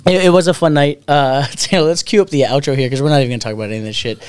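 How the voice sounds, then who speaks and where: A man's voice: fairly high pitch, fairly even intonation, racing, clear, resonant tone, no room sound. A man co-hosting a podcast in casual, profane, joking chat, rambling and restarting his sentences. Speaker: podcast co-host.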